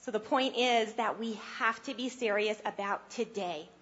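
A woman's voice: medium pitch, moderate pace, fairly bright tone, muffled recording. A woman preaching a sermon, earnest and conversational, lifting her voice to press her points. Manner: earnest and conversational, rising with emphasis.

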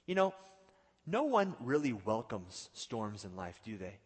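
A male pastor preaching a sermon, swinging from loud outbursts to hushed, drawn-out lines and acting out the quotes. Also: on the low side, big pitch swings, breathy edge. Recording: long hall reverb.

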